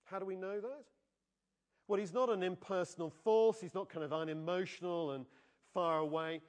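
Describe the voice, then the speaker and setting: Animated male preacher. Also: high voice, moderate pace. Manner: animated, conversational, asks the congregation questions. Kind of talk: sermon. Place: church.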